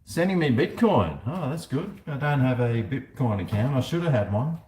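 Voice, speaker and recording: Speaking at a moderate pace, this Australian livestream host has a medium-pitched, expressive, slightly mellow voice. He rambles casually, tossing in jokes and chatting to his dog as he moves around his house and onto the balcony. Faint background noise sits under an echoey room sound.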